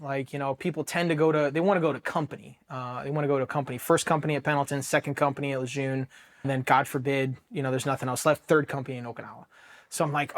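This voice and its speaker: A man's voice: a little high, fairly even intonation, fast. A man from Ohio, a Marine veteran, telling his own story in a blunt, profane, candid way.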